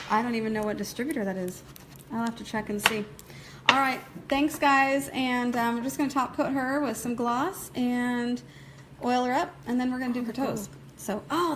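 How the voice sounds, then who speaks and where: A woman giving a casual live nail-art tutorial, chatty and quick to laugh, often checking in with "okay?" as she works. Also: a little high, very noisy. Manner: chatty, laughs easily, reads viewer comments aloud. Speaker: nail technician teaching a live demo.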